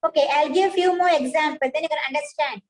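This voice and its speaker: Woman, high voice, science teacher, patient and repetitive, praises pupils. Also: fast talker, a little mellow, low-quality recording. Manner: patient, repeats and praises students by name. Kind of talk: online class teaching.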